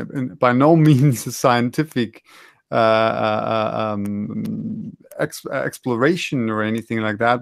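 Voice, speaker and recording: A man's voice: mid-range voice, creaky, no echo. A man in casual online panel chat, rambling and correcting himself with wry asides.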